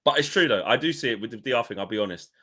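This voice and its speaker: A man chatting casually as a football fan pundit, animated, swearing and acting out his friends' voices. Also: medium pitch, very fast, breathy edge.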